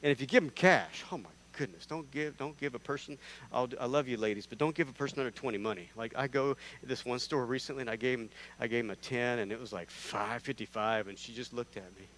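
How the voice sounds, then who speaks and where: A man's voice: mid-range voice, quick pace, slight background noise. A man preaching a sermon in a church, telling stories in a conversational, self-deprecating way and acting out the characters in them. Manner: animated storytelling, acting out characters with big swings in loudness. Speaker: guest preacher. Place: church sanctuary.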